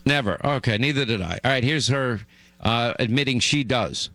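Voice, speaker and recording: A man's voice: medium pitch, moderate pace, bright, forceful tone, no room sound, faint music behind. A middle-aged man hosting a talk radio show, delivering an emphatic monologue that gets worked up.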